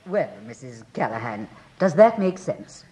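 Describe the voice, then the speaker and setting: A woman's voice: extremely low pitch, big pitch swings, measured pace, warm tone, heavily acted. An actress playing a refined, well-off lady from the country hiring a housekeeper, polite and hesitant, in a radio drama. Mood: genteel. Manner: polite, genteel, hesitant with ums.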